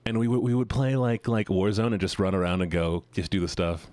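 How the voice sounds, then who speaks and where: A man's voice: fairly low pitch, steady tone, a little fast, a little mellow, no echo. A man streaming and chatting casually with his viewers, rambling and joking as he gets sidetracked.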